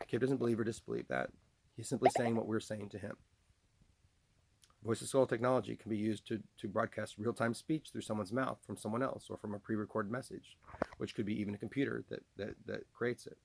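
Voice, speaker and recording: A man with a low, gravelly voice talks in a long, rambling monologue. He speaks in an accusatory way and refers to himself in the third person. There is a faint hiss under the recording. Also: fairly quick. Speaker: vlogger. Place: trailer home.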